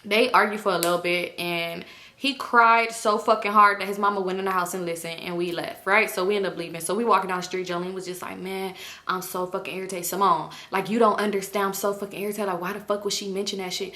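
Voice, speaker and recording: A young woman vlogger telling a storytime, animated, acting out quoted voices and swearing freely. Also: mid-range voice, quick pace. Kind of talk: casual storytime.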